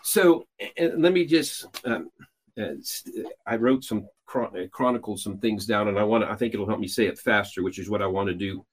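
A man's voice: fairly low pitch, normal speed, slightly rough. A man hosting a show, talking loosely and explaining at length, with frequent restarts and filler sounds. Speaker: host. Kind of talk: casual teaching talk.

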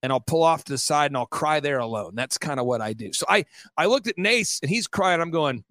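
Casting: middle-aged man, fairly high voice, dry close sound, emphatic repetitive storyteller. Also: animated, fairly bright tone, dry recording. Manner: fast-paced, repetitive, emphatic. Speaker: guest. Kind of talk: animated storytelling.

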